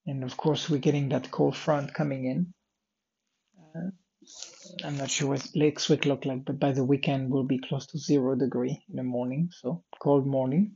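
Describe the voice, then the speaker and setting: Tired, gravelly man rambling through his day. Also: medium pitch, fairly even intonation, a little slow, mellow, muffled recording. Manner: meandering, many fillers and restarts, drifts off topic. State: tired and yawning. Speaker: vlogger recording a daily audio diary. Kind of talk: rambling personal diary talk.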